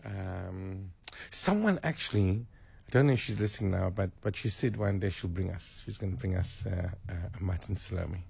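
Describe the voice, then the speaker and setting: Gravelly male radio host. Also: deep voice, moderate pace, darkish tone. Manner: rambling, chuckling, self-mocking. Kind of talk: casual on-air chat.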